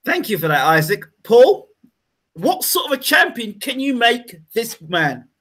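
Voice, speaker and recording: A woman interviewing guests, asking questions in a hesitant, halting way. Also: a little high, very animated, fairly bright tone, breathy edge.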